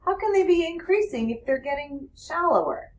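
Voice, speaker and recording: A woman teaching math in a classroom, explaining with quick questions to her students. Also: high-pitched, sing-song, a little hiss or hum, low-quality recording. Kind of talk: classroom lecture.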